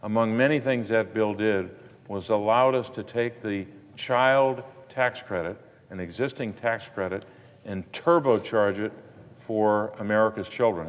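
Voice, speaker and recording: Male senator, low voice, formal measured tribute, long chamber reverb. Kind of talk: floor speech tribute. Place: large legislative chamber.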